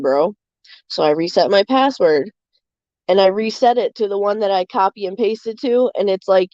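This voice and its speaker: A woman's voice: mid-range voice, mellow, no echo, lo-fi sound. A young adult woman streaming live, chatting candidly with many fillers. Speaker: livestream host. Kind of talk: casual chat.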